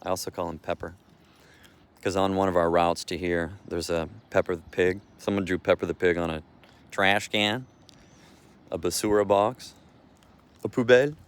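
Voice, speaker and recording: A man's voice: low voice, level tone, normal speed, clear, resonant tone. A man vlogging outdoors while walking his dog, talking in a loose, meandering way with restarts. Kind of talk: rambling walk-and-talk vlog.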